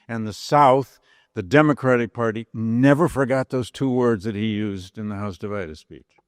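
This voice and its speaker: An older man, a history professor, giving a university lecture with lively storytelling and dramatic read-out quotes. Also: mid-range voice, normal speed, clear, resonant tone, dry recording, clean studio sound. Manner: storytelling lecturer, animated quoting of historical speeches. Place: large chapel lecture hall.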